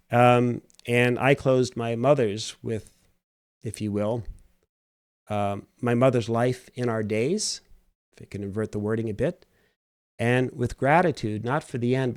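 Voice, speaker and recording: A middle-aged man hosting a reflective solo commentary, soft-spoken and halting, with frequent restarts. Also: medium pitch, no room sound, clean studio sound. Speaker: host.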